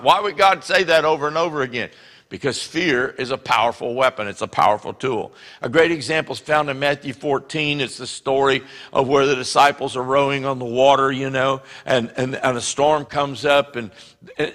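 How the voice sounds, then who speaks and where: A man preaching a sermon as pastor, animated and acting out the voices he quotes. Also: a little high, in a large hall. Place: church sanctuary.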